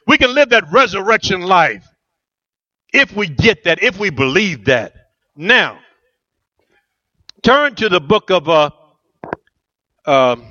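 High bright-voiced pastor preaching. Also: male voice, very animated, takes it slowly, pauses often, muffled recording. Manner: rousing call-and-response preaching, asks the church questions. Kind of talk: sermon. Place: church.

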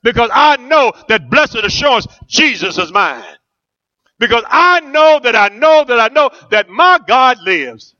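A man's voice: extremely high pitch, big pitch swings, a little slow, pushed and bright, highs cut off. A middle-aged man preaching a rousing sermon as pastor, asking the church questions and answering them.

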